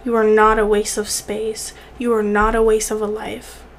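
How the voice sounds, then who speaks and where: A woman's voice: mid-range voice, completely flat delivery, normal speed, a little hiss or hum. A young woman vlogger speaking earnestly to the camera, repeating words for emphasis, at times tearful. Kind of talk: heartfelt direct-to-camera encouragement.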